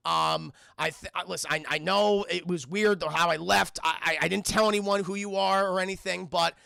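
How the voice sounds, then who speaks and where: A man's voice: fairly high pitch, fairly even intonation, normal speed, gravelly, pushed and bright, dry recording, studio quality, heavily acted. A man voicing a grieving teenage boy who stammers and pleads, his voice rising into anger. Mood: pleading. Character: grieving teen boy, pleading then bitter.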